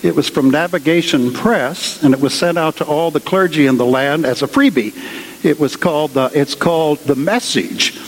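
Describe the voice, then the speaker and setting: The recording carries long cathedral reverb as a guest preacher with a voice on the high side tells a story at a normal pace. His storytelling sermon is conversational and dotted with asides.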